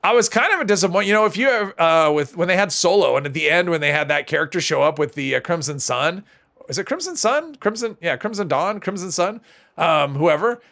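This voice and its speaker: This livestreamer talks casually through a game while reading his chat, rambling and frequently self-correcting mid-thought. His somewhat high, raspy, slightly bright voice is animated and brisk, with pitch that rises and falls a lot.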